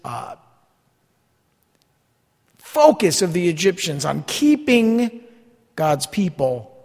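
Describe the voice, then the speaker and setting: A man's voice: on the high side, creaky, husky, big-room sound. A man preaching a sermon as a pastor, talking conversationally and asking the congregation rhetorical questions.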